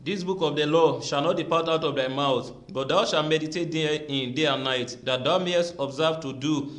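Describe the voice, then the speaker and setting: A man reading scripture aloud during a service, in a steady, measured way. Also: on the high side. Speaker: scripture reader.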